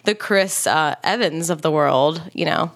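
A female podcast co-host chats casually in a low voice at a measured pace, laughing often and swearing freely.

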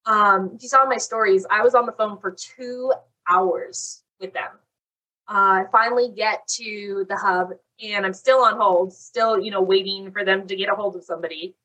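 A young woman casually telling a long story on a chat podcast, animated and saying "like" constantly. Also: medium pitch, moderate pace. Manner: animated, fills talk with "like". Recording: voice a bit far from the mic.

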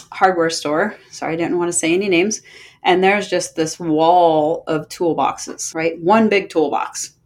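A middle-aged woman hosting a podcast, speaking slowly and gently with heartfelt encouragement and many pauses. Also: on the low side. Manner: gentle, slow and unhurried with pauses. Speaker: podcast host and movement coach. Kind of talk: reflective podcast monologue.

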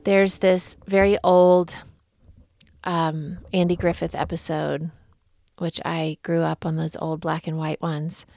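Slow, gravelly-voiced reflective woman. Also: fairly low pitch, flat delivery, no echo. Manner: gentle, unhurried storytelling. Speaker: podcast host. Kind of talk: reflective spoken talk.

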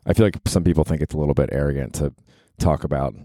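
A man's voice: rumbling low, fast, warm tone, no room sound, studio quality. A man in his forties hosting his own podcast, rambling casually with profanity and self-mockery. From New York. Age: 40s. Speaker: podcast host. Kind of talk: casual solo podcast monologue.

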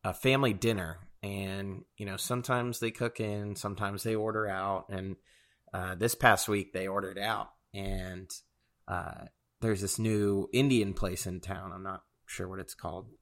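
A man's voice: deep voice, fairly even intonation, unhurried, fairly bright tone. A man co-hosting a casual chat show, telling a rambling story full of fillers and frequent chuckles.

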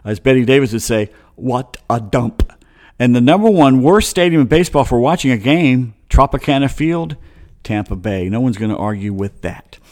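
A man's voice: mid-range voice, expressive, brisk, a little mellow. A man hosting a casual sports talk show, rambling through stories with wry, chatty asides.

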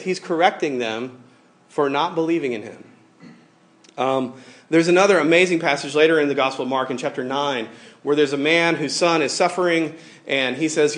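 Animated conversational male preacher. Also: on the high side, normal speed. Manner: conversational, animated, acts out quoted voices. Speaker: pastor. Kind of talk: sermon.

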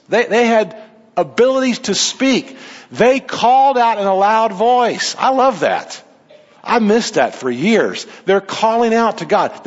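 Male pastor, high voice, animated preaching; muffled recording in a reverberant hall. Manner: animated preaching with sudden pitch swings. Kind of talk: sermon. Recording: dull sound in a reverberant hall.

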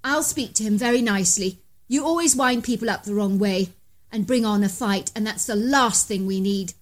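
A woman voicing a level-headed male hunter who talks calmly and politely in a read-aloud story. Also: mid-range voice, close to an everyday voice. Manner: measured and polite, then calling out loudly.

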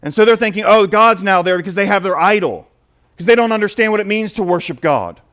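Male preacher, animated sermon delivery, slightly high voice. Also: fast talker. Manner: animated, swings between quiet asides and loud emphasis.

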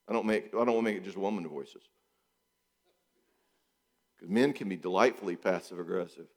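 A man, a counselor, giving a talk to an audience, animated and acting out bits of dialogue. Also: deep voice, brisk, long pauses, long reverb tail. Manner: animated, acts out quoted dialogue.

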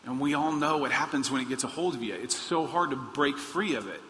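Guy preaching a sermon, bright forceful voice, lots of hall reverb. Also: medium pitch, fairly quick, few pauses. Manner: animated, acts out quoted pleas in a raised voice. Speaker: pastor. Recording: long hall reverb, faint noise.

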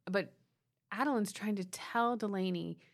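A woman's voice: mid-range voice, unhurried. A woman in her thirties co-hosting a podcast, chatting and explaining parenting advice. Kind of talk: casual conversational advice.

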